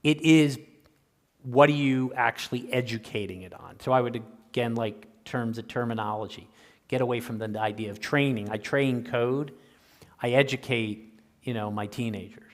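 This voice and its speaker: An older male lecturer answers audience questions in an easy, conversational way, tagging "right?" onto his points. His voice sits at a medium pitch. The sound carries the long reverb of a lecture hall. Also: normal speed. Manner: conversational, keeps asking "right?".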